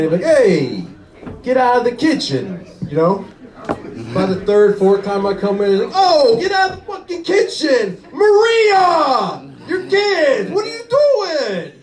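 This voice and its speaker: Young guy doing stand-up, kinda high voice, laughs at his own bits, roomy echo from a far mic. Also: mellow. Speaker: stand-up comedian. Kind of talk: stand-up comedy set.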